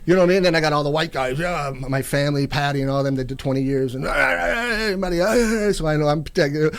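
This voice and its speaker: A middle-aged man from Canada, telling stories as an interview guest and acting out quotes in bursts of louder, higher voices, laughing often. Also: quick pace. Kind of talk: casual storytelling interview.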